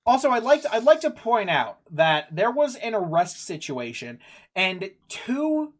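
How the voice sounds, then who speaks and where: Man, game master, tabletop game, wry, playful, slightly high voice. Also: sing-song, moderate pace.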